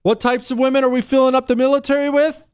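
A man's voice: very high-pitched, little pitch movement, fast talker, darkish tone, smooth, no echo, clean studio sound. A man hosting a political commentary show, talking in an opinionated, sarcastic monologue with mocking asides to his producer.

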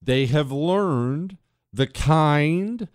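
A man delivers a political commentary monologue with a lively, rising and falling delivery. His slightly high voice is smooth and clear. The sound is dry and close. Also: very slow, dry recording. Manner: animated, swings pitch for emphasis, acts out little scenes.

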